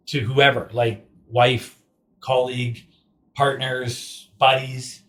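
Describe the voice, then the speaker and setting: A man's voice: mid-range voice, fairly even intonation, takes it slowly, fairly bright tone. A man hosting a podcast, asking questions in an upbeat, enthusiastic, casual way. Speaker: podcast host. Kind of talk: casual interview chat.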